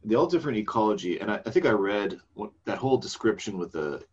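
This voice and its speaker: A man's voice: on the low side, big pitch swings, fast talker, breathy edge, muffled recording. A man co-hosting a podcast, recapping a game session in casual, rambling chat that trails off into fillers.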